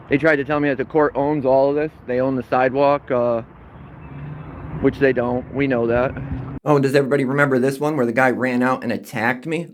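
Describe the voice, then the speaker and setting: An activist carrying a camera films a courthouse from a public sidewalk beside a street, arguing with and mocking people in a sarcastic, combative way. He also narrates over his own footage. His voice is mid-range, with a little hiss or hum on the recording.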